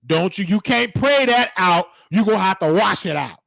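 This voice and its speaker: A man's voice: high-pitched, lively intonation, normal speed, gravelly, fairly bright tone, dry recording. A man delivering a comedic mock sermon in a preachy, scolding church cadence. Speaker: host.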